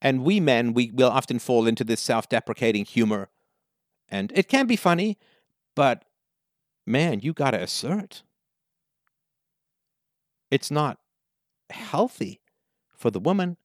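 Male talk host, animated advice-giver who acts out his anecdotes; bone-dry studio voice. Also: mid-range voice, normal speed, long pauses, no room sound. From Canada. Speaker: call-in show host.

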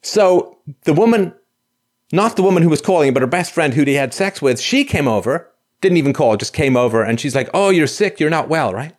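Animated man telling a story. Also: on the high side, a little fast. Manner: animated, stammering restarts, acts out quotes. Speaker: host of a call-in show. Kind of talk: casual storytelling.

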